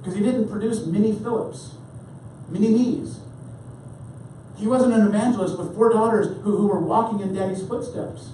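A male pastor preaching a sermon in an animated, repetitive way. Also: high voice, moderate pace, slight background noise. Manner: animated, repeats words when starting phrases. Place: church sanctuary. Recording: echoey hall, mic far off.

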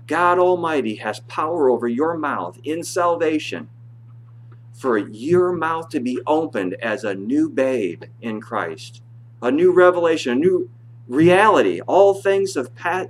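A male pastor preaching a sermon in church, reading scripture aloud in a rising voice and dropping low to explain it. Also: animated, moderate pace, slight background noise.

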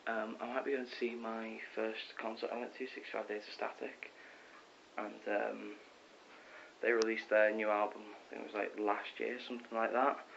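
Teen guy chatting into a cam in his room, lowish voice, kinda muffled lo-fi with a bit of hiss. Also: moderate pace, creaky. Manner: rambling, excitable, chatty, many ums and self-corrections. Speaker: vlogger. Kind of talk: casual rambling vlog. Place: bedroom at home. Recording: dull lo-fi with faint hiss.

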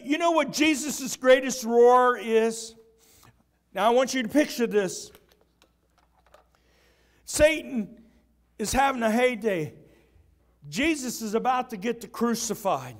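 High-voiced preaching pastor. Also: male voice, expressive, slow pace, long pauses. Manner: impassioned preaching, shouting at peaks. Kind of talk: sermon.

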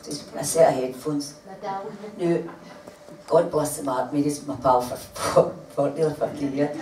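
A woman's voice: deep voice, fairly even intonation, normal speed, a little hiss or hum. An older woman telling a comic, rambling anecdote to a live audience, laughing as she goes. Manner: chatty, laughing, rambling storytelling. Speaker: storyteller. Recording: echoey room heard from far off. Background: loud room ambience.

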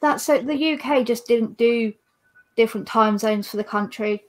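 A woman's voice: on the high side, moderate pace, low-quality recording. A woman from England, chatting casually and telling stories animatedly. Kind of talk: casual group chat.

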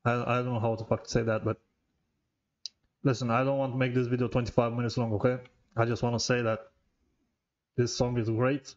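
Man, reaction host, casual rambling chat, mid-pitched voice, muffled lo-fi recording, tobacco in his mouth. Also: little pitch movement, brisk, pauses often. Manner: loose and rambling, leans on "like" and swears freely.

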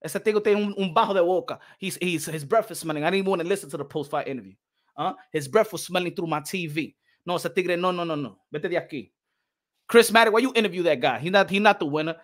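A man's voice: sits high, quick pace, a bit bright. A man from New York ranting heatedly as a boxing commentator, switching between English and Spanish in a mocking way. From New York City.

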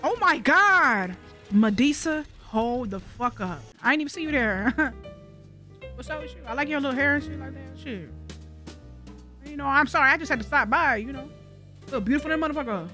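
A woman's voice: high-pitched, brisk, pushed and bright, soft background music. A woman hosting a gaming channel, giving profane, joking let's-play commentary and talking back to the game characters.

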